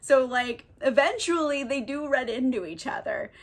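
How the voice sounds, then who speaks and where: A young woman with a high voice gives a rambling, comedic recap full of slang. She giggles a lot as she goes. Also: lively intonation, normal speed. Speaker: book youtuber. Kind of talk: comedic casual book recap.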